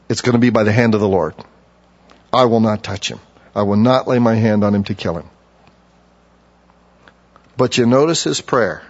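A man preaching a sermon, reading scripture aloud and breaking off to explain it in plain, emphatic asides. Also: medium pitch. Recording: dull lo-fi sound with long hall reverb.

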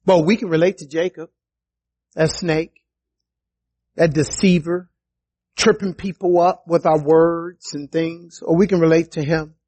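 A man preaching a sermon in a conversational way, with asides to his listeners and a voice that climbs high for emphasis. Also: measured pace, pauses often. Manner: animated, rises high for emphasis and quoted voices; conversational, with restarts and asides to the congregation.

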